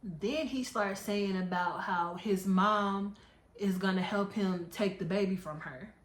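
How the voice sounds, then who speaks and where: A young woman telling a personal story on her vlog, candid and animated as she retells it. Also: mid-range voice, unhurried. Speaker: storytime vlogger. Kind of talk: casual storytelling. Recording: echoey room.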